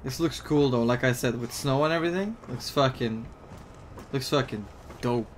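A man playing a horror game and commenting on it, excitable, swearing freely and talking back to the game. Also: medium pitch, moderate pace, a little hiss or hum. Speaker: gaming YouTuber.

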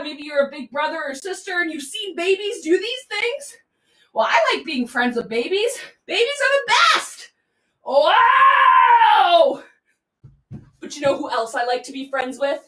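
A woman leads a children's yoga class in a playful, sing-song way, speaking right to the kids. Her voice sits high and swoops all over. She sounds a little distant in an echoey room. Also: fairly bright tone. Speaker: kids' yoga teacher. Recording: roomy echo, mic far off.

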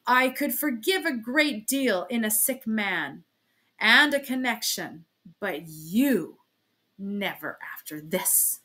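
Woman reading a wordy, offended middle-aged gentleman in an audiobook; stiff and halting. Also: fairly high pitch, animated, exaggerated voice. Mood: indignant.

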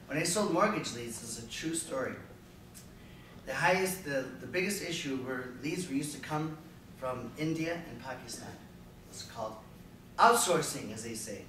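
A man giving a jokey talk on sales to a live audience, lively and slipping into silly voices. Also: on the high side, moderate pace. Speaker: sales speaker. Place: room with an audience. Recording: echoey room from a distance, faint noise.

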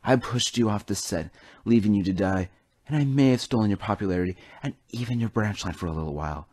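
A man's voice: lowish voice, fast, a little mellow, natural voice. A man voicing a scheming engine in a toy train story who stammers and pleads, now sorry for his deeds. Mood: earnest.

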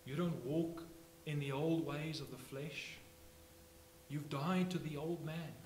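A man preaching a sermon as pastor, swinging from hushed phrases to loud emphatic ones. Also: a little high, steady tone, slow pace. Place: church sanctuary. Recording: echoey church, faint hum.

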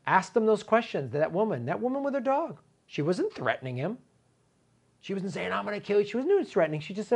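Indignant high-voiced male commentator. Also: brisk. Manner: animated, indignant, emphatic repetitions. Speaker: political commentary host. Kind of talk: impassioned political commentary.

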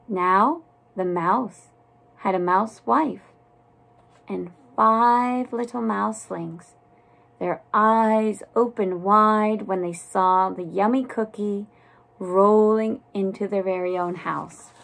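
A woman reads a children's story aloud at a very slow, careful pace. Her narration is soft and deliberate with a plain mid-range voice. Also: medium pitch, steady tone, gravelly. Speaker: storybook reader.

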